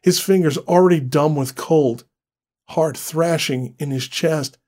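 A man giving a scripted horror story narration in a slow, deliberate, dramatic way. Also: on the high side, a little mellow.

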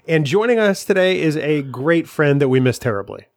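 A man's voice: on the high side, expressive, moderate pace, no echo, clean studio sound. A man co-hosting a podcast, reading sponsor notes and teasing his co-host in casual chat. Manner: joking, teasing banter.

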